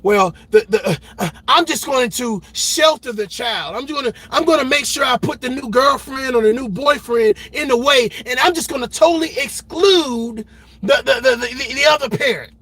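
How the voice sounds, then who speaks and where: A man's voice: extremely high pitch, moderate pace, fairly bright tone, breathy edge, dry recording. A man giving a heated reaction commentary, emphatic and blunt, repeating words and swearing freely as he argues. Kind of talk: ranting commentary.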